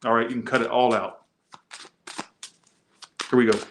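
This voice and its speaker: A man's voice: mid-range voice, level tone, moderate pace. A man hosting a tarot reading video, chatting casually with rambling, joking asides. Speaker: tarot reader.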